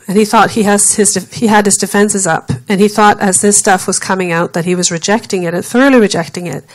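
A woman preacher unfolds a story from the pulpit, narrating at a steady, even pace. She slips into the voices of the people in her tale whenever she quotes them, then returns to plain telling. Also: medium pitch, fairly quick, hardly any pauses, poor audio. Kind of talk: sermon storytelling.

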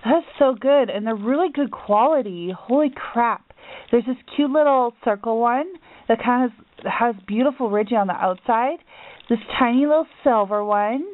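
Gushing high-voiced young woman, tinny audio. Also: normal speed. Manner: gushing, excitable, gasps often. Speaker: crafting vlogger. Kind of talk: package opening vlog.

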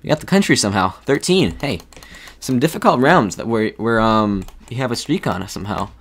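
A man's voice: medium pitch, expressive, fairly quick, gravelly. A man giving thinking-aloud commentary while playing a geography game, hesitant and full of restarts. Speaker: gaming video creator.

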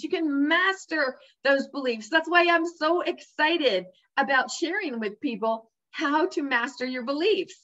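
A woman's voice: high-pitched, a little slow, few pauses, fairly bright tone. A woman speaking directly to the viewer in a motivational talk, upbeat and emphatic, coaching the listener along. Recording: dull lo-fi sound.

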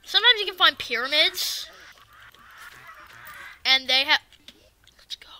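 A woman giving casual let's-play commentary, excitable and talking back to the game's enemies. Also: high voice, a little slow, a little hiss or hum. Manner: excitable, swears and talks to the game enemies. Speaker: gaming video creator.

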